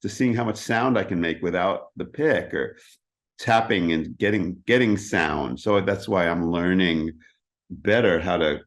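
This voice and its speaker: A middle-aged man with a fairly low voice talks in an easy, chatty interview manner. He is animated and often breaks into sung "da da da" patterns to show a rhythm. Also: a little slow. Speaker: interview guest, keyboardist. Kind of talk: casual interview chat.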